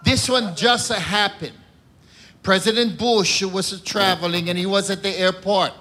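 A man with a high, bright voice works through his jokes in character as a churchman. He takes his time and lets each line land before he goes on. The delivery is a stand-up routine, built on pauses before each punchline. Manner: slow, deliberate joke delivery with punchline pauses. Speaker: comedian in a cardinal persona. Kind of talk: stand-up joke telling.

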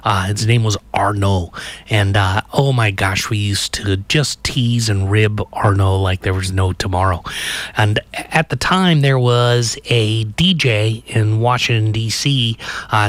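Rambling middle-aged chef, dry close sound. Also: male voice, on the low side, a little slow, dry recording. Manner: rambling, many ums and uhs, laughs at his own stories. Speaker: chef teaching a recipe. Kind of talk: casual cooking demonstration with storytelling.

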